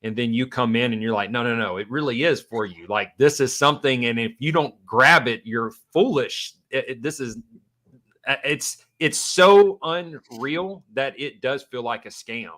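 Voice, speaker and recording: A man's voice: medium pitch, normal speed, a bit bright. A man hosting a casual interview who talks in an enthusiastic, affirming way. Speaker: podcast host.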